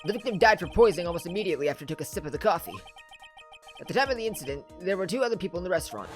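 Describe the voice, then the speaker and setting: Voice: medium pitch, lively intonation, racing, faint music behind, lightly acted. A player voicing a bumbling male police detective in a game, with an attempted Brooklyn accent and a stammering, apologetic manner. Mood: flustered. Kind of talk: reading game dialogue aloud.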